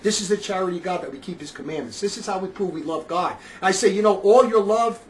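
High-voiced, emphatic preacher man. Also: fast talker, a little hiss or hum, low-quality recording. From northern New Jersey. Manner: emphatic, rambling, repeats himself, rises to loud outbursts. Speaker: street preacher. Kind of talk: casual spoken monologue.

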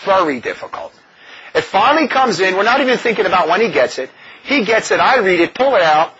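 A man's voice: high-pitched, quick pace, husky. A man speaking as a religious brother in an impassioned, mocking talk, laughing often. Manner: animated, mocking, with frequent laughs. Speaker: religious brother leading a community. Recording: dull lo-fi recording.

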